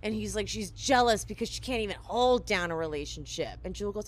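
A woman's voice: medium pitch, fast talker, slight background noise. A woman casually recapping a reality show on a podcast, telling it as a story and acting out the quotes, with lots of "like". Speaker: podcast co-host.

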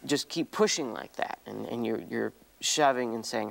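A man taking part in a couples counseling exercise, speaking haltingly and pleadingly, repeating words as he voices his hurt. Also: mid-range voice, creaky. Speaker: workshop participant. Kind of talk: emotional confrontation exercise. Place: counseling seminar room.

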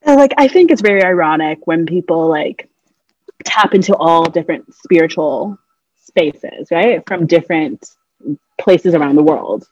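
Woman co-host, husky and low, wry and conversational, dull dry recording. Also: expressive, measured pace, a little mellow, no echo. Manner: reflective, wry, mocks others with put-on airy voices. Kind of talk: casual conversation.

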